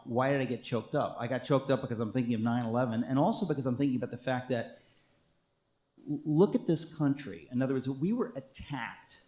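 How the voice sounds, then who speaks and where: A man from the United States speaks in a somewhat high voice, earnest and emphatic, slipping in wry asides as he answers an interviewer's question. The recording sits in an echoey room. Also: darkish tone. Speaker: author.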